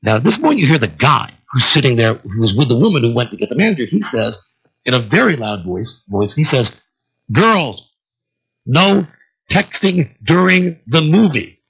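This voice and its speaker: A male talk radio host telling a long story solo, animated and acting out the people in it, on a dull lo-fi radio broadcast. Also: medium pitch, brisk, husky.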